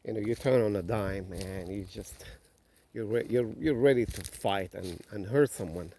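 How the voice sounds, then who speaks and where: A man telling a story on a walk, relaxed, with many filler phrases. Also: on the low side, normal speed, a little hiss or hum. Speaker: vlogger. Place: outdoors on a nature walk.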